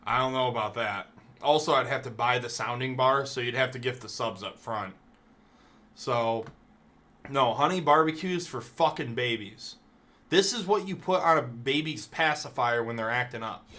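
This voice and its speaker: A man's voice: mid-range voice, normal speed, bright, forceful tone. A man streaming live, ranking things in a casual, profane, mock-outraged rant.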